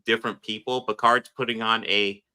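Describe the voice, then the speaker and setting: A man's voice: lowish voice, level tone, a little fast, sharp tone, clear, resonant tone. A man hosting a casual chat about a TV series, rambling, swearing and laughing often.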